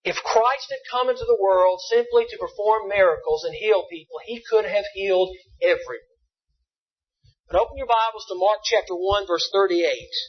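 A man's voice: sits high, normal speed, breathy edge. A man preaching a sermon, asking his listeners questions and answering them himself. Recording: dull lo-fi sound.

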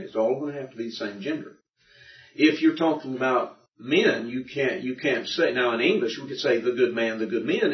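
A man's voice: medium pitch, recorded from a distance. A man teaching a Greek grammar class, patiently explaining and checking that his students follow. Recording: dull roomy recording from afar.

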